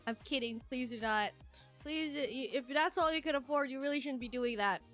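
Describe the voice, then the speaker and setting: A woman's voice: sits high, fairly bright tone. A woman live streamer chatting casually with her viewers, giggly and playful, teasing the chat and laughing often. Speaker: live streamer reading super chats.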